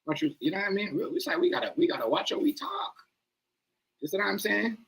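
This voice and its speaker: A man's voice: high-pitched, sing-song, fast talker, gravelly, fairly bright tone, poor audio. A man hosting a live stream, rambling in casual slang and often asking "you know what I mean".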